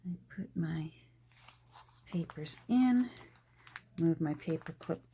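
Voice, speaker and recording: A woman's voice: low voice, lively intonation, slow, dark tone, a little hiss or hum. Chatty woman talking while she crafts. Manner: chatty, laughs often, trails off while working. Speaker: journal-making vlogger. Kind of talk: casual chat while crafting. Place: home craft room.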